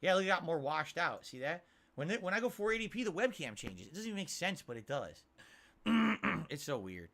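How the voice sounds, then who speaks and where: Animated, bright-voiced male streamer. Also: a little high, fairly quick. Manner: exasperated rants, animated. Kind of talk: livestream chat, reading tips. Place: home office. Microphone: desk mic.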